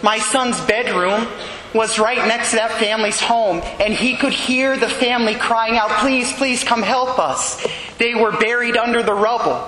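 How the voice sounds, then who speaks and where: A man with a high, bright voice tells stories in a slow, earnest sermon. He carries the quoted dialogue himself. The sound is roomy, with a long hall reverb and a faint hum of ambience behind him. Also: steady tone. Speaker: preacher. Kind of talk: sermon storytelling.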